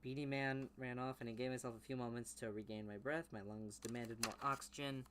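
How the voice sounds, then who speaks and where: A young man reading his old teenage story aloud in a low mumble, then breaking off into loud, mocking commentary. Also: fairly even intonation, fairly quick, noisy background. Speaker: YouTuber reading his childhood writing.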